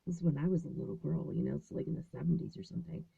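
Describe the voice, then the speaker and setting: Gravelly-voiced woman in her fifties, phone-like. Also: low voice, lively intonation, racing, dark tone. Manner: chatty, acts out quoted voices. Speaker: host. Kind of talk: casual storytelling monologue. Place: small closet at home. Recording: phone-like narrow sound.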